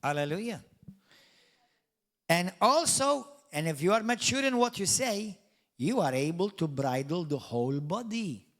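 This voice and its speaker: High-voiced emphatic male preacher. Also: big pitch swings, measured pace. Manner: emphatic preaching with wide swings in loudness and pitch; jokey asides and mock quotes of doubters. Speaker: pastor. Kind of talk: sermon.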